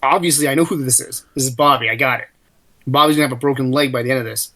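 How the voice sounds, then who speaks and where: A man's voice: mid-range voice, racing, pushed and bright. A man playing a tabletop game, describing his character's actions in a rambling way and speaking heatedly in character with a lot of swearing. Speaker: player. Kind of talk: casual tabletop role-play.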